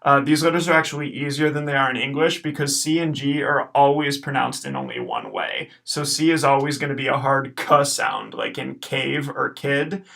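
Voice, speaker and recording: A man teaching Latin pronunciation in a recorded lesson, patiently saying each word slowly and then repeating it. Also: mid-range voice, vocal fry, fairly bright tone.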